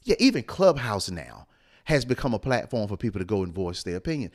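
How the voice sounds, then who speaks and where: Lively low-voiced man preaching motivation. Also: a little fast. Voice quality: smooth radio-style voice. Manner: animated, preacherly, repeats phrases for emphasis. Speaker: co-host of a live motivational stream. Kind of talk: motivational late-night live talk.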